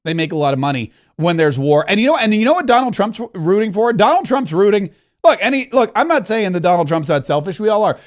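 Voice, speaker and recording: Talk host, man, high voice, fired-up opinion monologue. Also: very animated, fast. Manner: impassioned, repetitive, builds to emphatic peaks. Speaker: political talk show host. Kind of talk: opinionated political commentary.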